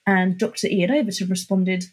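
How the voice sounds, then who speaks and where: Husky woman, sarcastic. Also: medium pitch, fairly even intonation, moderate pace. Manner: exasperated, sarcastic. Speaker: podcast co-host. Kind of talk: casual chat.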